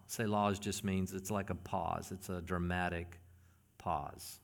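A man preaching a sermon as pastor, earnest and often hushed, building into emphatic passages. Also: sits low, little pitch movement, measured pace, gravelly.

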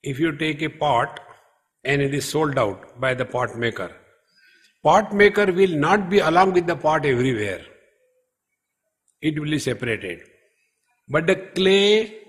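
Man giving a chanted discourse. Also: on the high side. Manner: slow, emphatic, chants Sanskrit verses. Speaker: spiritual teacher. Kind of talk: scriptural discourse. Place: retreat hall.

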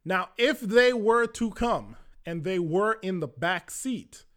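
Young male storyteller, slightly high voice, casual and chatty, fills gaps with filler words. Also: expressive, slow pace, a bit bright. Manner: conversational, lots of "like" fillers, acts out quoted voices.

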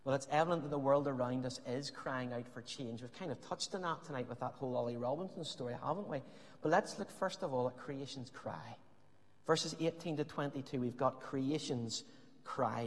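A man preaching a sermon with impassioned, emphatic lines that sometimes drop to a hush. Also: mid-range voice, brisk. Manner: impassioned preaching, rising emphatic lines, some hushed passages. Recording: long reverb of a hall.

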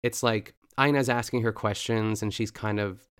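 A man's voice: lowish voice, steady tone, moderate pace, smooth. A man recapping a cooking show episode in casual, rambling chat, full of fillers and self-corrections.

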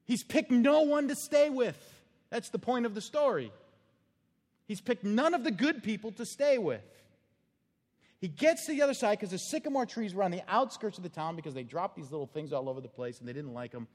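A man's voice: high voice, expressive, brisk, in a large hall. A man preaching a sermon as a pastor, talking conversationally and animatedly, acting out quotes and laughing at his own jokes.

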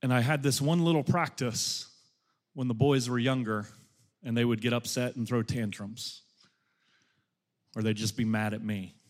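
A middle-aged man preaching a sermon as a pastor, moving from loud, impassioned exhortation to soft, hushed storytelling. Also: mid-range voice, steady tone, normal speed, pauses often.

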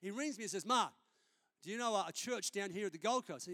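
A man's voice: sits high, animated, quick pace, fairly bright tone. A man, a senior pastor preaching a sermon in a conversational, storytelling way during a church service.

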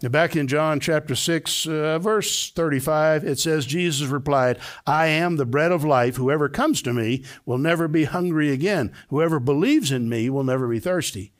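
An older man, a pastor, preaching a sermon with emphatic delivery that climbs to high, excited peaks. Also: normal speed, hardly any pauses.

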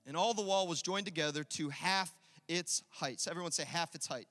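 In a church sanctuary with a big-room sound, a man preaches an impassioned sermon as pastor, loud and rousing as he leads the congregation in call-and-response. His voice is fairly high and fairly quick.

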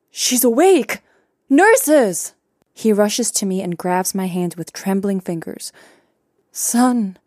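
A young adult woman reading a first-person story aloud in a calm, even narration with quiet character voices. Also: medium pitch, no echo, clean studio sound. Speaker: audiobook narrator.

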